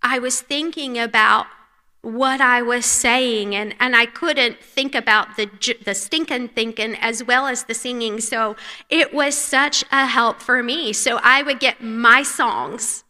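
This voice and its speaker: A woman from North Carolina with a Southern accent speaks earnestly at a women's conference, often sinking to a soft hush. Her voice sits fairly high and sounds bright and clear. The long reverb of a large church hall trails after each phrase. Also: steady tone, unhurried. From North Carolina, USA. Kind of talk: devotional talk.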